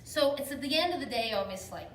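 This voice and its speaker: Woman workshop speaker, comic and foul-mouthed storyteller, bright high voice that swings widely, picked up from across an echoey room. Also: fast, slight background noise. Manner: profane, laughing, animated storyteller. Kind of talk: comedic personal storytelling. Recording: echoey room, distant mic, background ambience.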